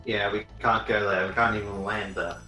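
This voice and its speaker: A man's voice: lowish voice, fairly even intonation, normal speed, bright, forceful tone. A man racing in a video game speedrun, chatting in a laid-back way with short, easy replies. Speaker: speedrun racer. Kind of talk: casual chat during a game. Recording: echoey room with faint music.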